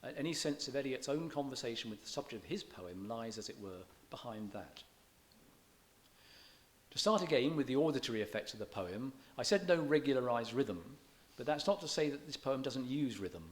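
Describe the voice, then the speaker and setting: A man's voice: medium pitch, expressive, fairly quick. A man lecturing on poetry to an audience, chatty and digressive, often stopping to correct himself. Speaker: visiting lecturer in English. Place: church hall.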